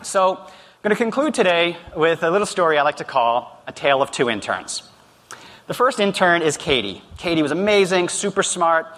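A man's voice: on the high side, very animated, normal speed, fairly bright tone, long reverb tail. A man giving a motivational talk to an audience, conversational storytelling with direct address. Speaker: speaker.

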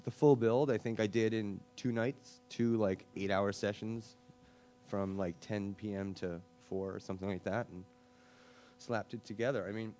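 Low-pitched male panelist, casual and chatty with faint background music. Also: fairly even intonation, warm tone. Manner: chatty, filler-heavy, quick asides. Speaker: web design panelist.

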